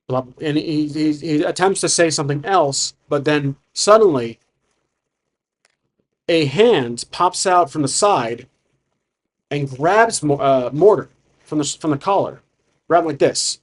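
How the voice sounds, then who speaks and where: A man's voice: fairly high pitch, unhurried, long pauses. A man narrating his solo tabletop game, thinking aloud with frequent restarts. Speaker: solo game master and player.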